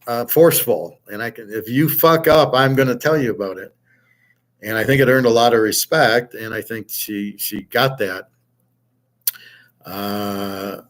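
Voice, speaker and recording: Blunt, profane middle-aged man ranting. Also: medium pitch. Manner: blunt and profane, restarts often, quotes himself heatedly. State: aching back, jet-lagged. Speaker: host. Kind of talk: casual personal storytelling monologue.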